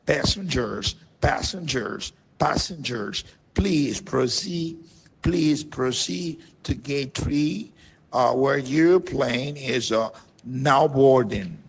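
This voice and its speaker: Man, English teacher, husky voice, creaky, reading word drills deliberately. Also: medium pitch. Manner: slow, deliberate, repeats words for practice.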